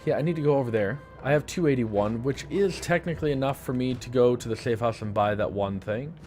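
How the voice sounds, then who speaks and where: A man's voice: medium pitch, fairly quick, a little mellow, soft background music. A young adult man with a lisp chatting casually while streaming a game, rambling and joking with lots of filler words. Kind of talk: casual live-stream commentary.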